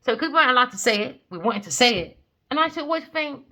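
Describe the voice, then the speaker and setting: A woman's voice: high voice, animated, quick pace, pushed and bright. A woman giving a casual tarot reading, talking bluntly and animatedly and swearing freely. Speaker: tarot reader.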